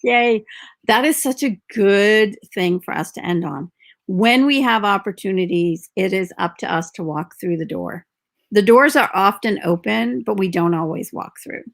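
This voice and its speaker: A woman hosting a live-streamed podcast interview, upbeat and gently prompting her guest. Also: mid-range voice, normal speed, vocal fry. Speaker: podcast host.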